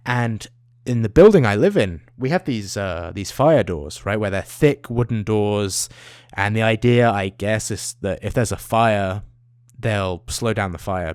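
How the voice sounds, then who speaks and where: A young man rants in a casual vlog. His voice sits fairly low and sounds close and dry, with almost no room sound around it. He swears freely and rambles, restarting his sentences as he goes. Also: no room sound. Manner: animated, swears a lot, trails off into tangents. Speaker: vlogger. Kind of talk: profane rambling rant.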